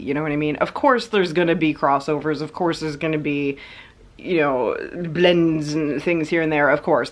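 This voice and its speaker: Woman vlogger, low voice, loose rambling chat full of asides and hedges. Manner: rambling, lots of hedging fillers. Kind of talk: casual chat.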